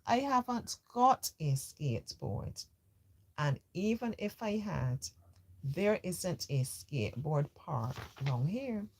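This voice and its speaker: A woman's voice: deep voice, very animated, slow pace, a little mellow, a little hiss or hum, full character voice. A woman voicing a clumsy young boy who complains and protests. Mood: complaining.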